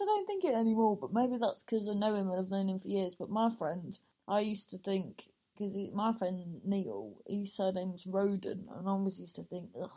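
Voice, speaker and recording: A woman's voice: medium pitch, darkish tone. A woman hosting a podcast, talking in a chatty, rambling, sweary and self-mocking casual monologue.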